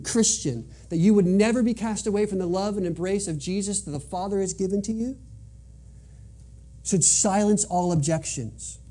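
Guy preaching a sermon, kinda husky and mellow, earnest, repeats stuff for emphasis. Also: on the high side. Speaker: pastor.

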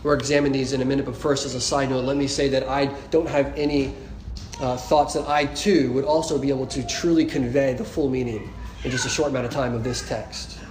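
A man's voice: medium pitch, steady tone, a little fast, roomy sound, background noise. A man preaching a sermon, earnest and emphatic, repeating his key points. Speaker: pastor.

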